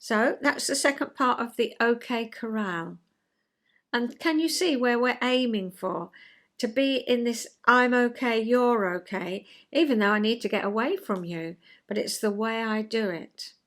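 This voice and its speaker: A woman, hosting a chatty vlog and explaining ideas in a gentle, conversational way, acting out little everyday scenes. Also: a little high, moderate pace. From England. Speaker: vlog host, retired counsellor.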